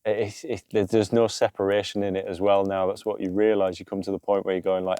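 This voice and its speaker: A man's voice: low-pitched, little pitch movement, a little fast, dark tone, smooth, no echo. A man co-hosting a casual podcast outdoors by a campfire, talking earnestly about emotional healing, swearing freely and often adding "you know". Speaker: podcast co-host. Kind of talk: casual spiritual chat.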